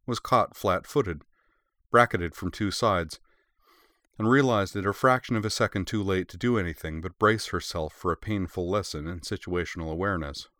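A man reading a story aloud in steady, measured scripted narration. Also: low voice, no room sound, studio quality. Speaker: audiobook narrator.

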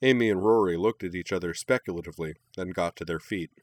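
Deep-voiced man reading a story. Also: fast. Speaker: narrator.

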